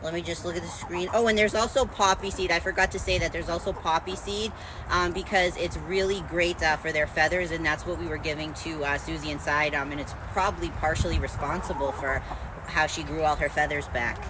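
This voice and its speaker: A woman's voice: sits low, steady tone, fairly quick. A woman chatting casually to the camera as a farm vlogger, full of fillers while she does her chores outdoors. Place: outdoors at a chicken coop. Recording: outdoor noise behind the voice.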